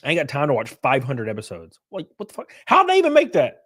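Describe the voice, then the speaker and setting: A man in his thirties hosting a livestream, ranting loudly and profanely in casual chat, laughing between rants. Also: on the high side, wildly swooping pitch, quick pace. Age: 30s. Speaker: livestream host.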